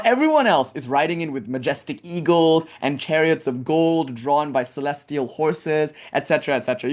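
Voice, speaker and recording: Male lecturer with a slightly high voice, casual and chatty, lots of fillers. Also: a little mellow. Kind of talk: storytelling lecture.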